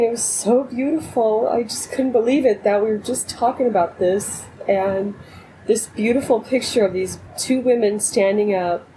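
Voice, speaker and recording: A woman co-hosts a casual spiritual chat over a remote call, gushing and rambling emotionally. Her voice is mid-range, and there's background noise.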